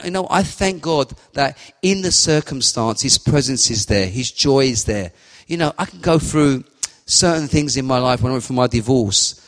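A man giving a fervent, repetitive sermon and spoken prayer. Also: fairly high pitch. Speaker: lay preacher. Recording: long hall reverb.

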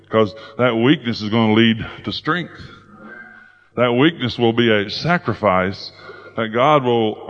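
A man preaching in a folksy, storytelling way, with plenty of play in his delivery. His voice sits at a middle pitch. The recording sounds dull and lo-fi. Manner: folksy storytelling, playful and animated. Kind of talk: sermon.

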